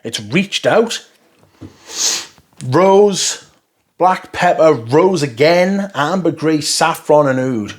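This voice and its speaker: A man's voice: fairly high pitch, expressive, slow pace. Blunt, sweary man reviewing perfume. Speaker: fragrance reviewer. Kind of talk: casual first-impression review.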